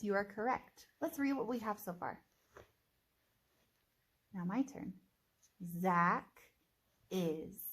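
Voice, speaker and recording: Slow, deliberate phonics teacher woman. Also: medium pitch, a bit bright. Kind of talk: phonics reading lesson.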